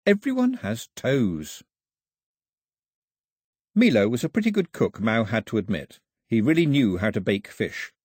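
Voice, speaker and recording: A man narrating an audiobook as a lively storyteller, in a husky voice, recorded on a close studio mic. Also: fairly low pitch, a little fast, hardly any pauses, no echo. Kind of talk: scripted narration.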